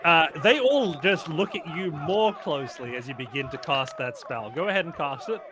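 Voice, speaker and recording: A man narrating a tabletop game as game master, laughing often and filling pauses with "uh". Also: a little high, lively intonation, crowd noise. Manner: laughing often, filler-heavy.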